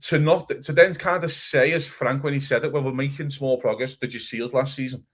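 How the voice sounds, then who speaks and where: A man co-hosting a casual football chat, animated and swearing, acting out other people's quotes. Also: medium pitch, brisk. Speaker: podcast co-host.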